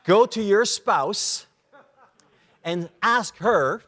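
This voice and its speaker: A man giving a lively talk at a men's conference, acting out short dialogues and sound effects as he explains. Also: on the high side, normal speed. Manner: animated, acts out little dialogues and sound effects. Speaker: conference speaker. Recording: long reverb of a large hall.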